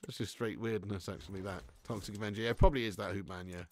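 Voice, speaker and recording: A man's voice: on the low side, moderate pace. A young man streaming a football game, chatting casually, swearing and reading out the chat. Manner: laid-back, swearing, reads chat aloud. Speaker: gaming streamer.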